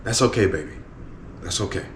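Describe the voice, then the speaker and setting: A man voicing a gentle, loving father who is a chef, speaking softly and reassuringly in a roomy space. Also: medium pitch, sing-song, a little fast, a little hiss or hum. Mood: soothing. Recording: roomy echo.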